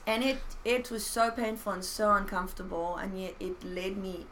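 A woman who has been a pastor, telling personal faith stories in an earnest, animated way with playful self-mockery. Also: mid-range voice, moderate pace, slight background noise, low-quality recording. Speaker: pastor and podcast guest. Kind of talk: casual faith conversation.

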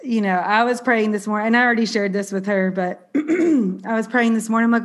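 A woman's voice: a little high, brisk. Southern lady podcast host, bit stuffed up and nasal, bubbly and chatty, pokes fun at herself. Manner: chatty, bubbly, self-deprecating. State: congested, slightly nasal. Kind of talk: casual podcast chat.

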